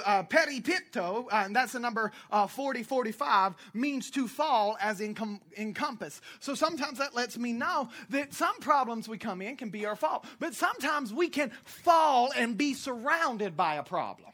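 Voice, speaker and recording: Pastor, sermon delivery: bright and forceful, animated and jokey, shouts key points, lots of fillers. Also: medium pitch, moderate pace, hardly any pauses. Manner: frequent "uh" fillers and self-corrections.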